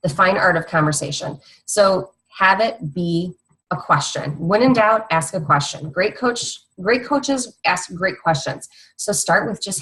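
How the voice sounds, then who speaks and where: A woman's voice: lowish voice, a little slow, sharp tone, slightly rough, rough recording. A young woman fitness coach giving a casual, rambling training talk to other coaches, teasing her co-host.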